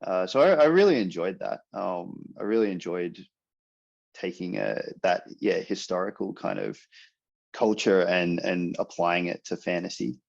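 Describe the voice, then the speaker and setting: A man's voice: deep voice, normal speed, vocal fry. A man speaking as an author guest on a podcast, hesitant, with many fillers and restarts. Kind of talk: casual podcast interview. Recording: dull lo-fi audio.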